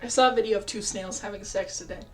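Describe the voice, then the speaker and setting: A woman's voice: medium pitch, fairly even intonation, fast, soft background music. A young woman reading a visual novel aloud as a let's play, rambling and self-mocking with frequent laughs.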